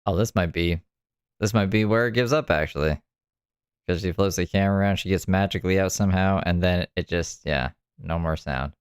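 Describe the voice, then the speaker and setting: A man's voice: low voice, brisk, smooth, no echo, studio quality. A man casually commenting on video clips, laughing along as he tells the story. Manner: amused, laughs often, loose storytelling.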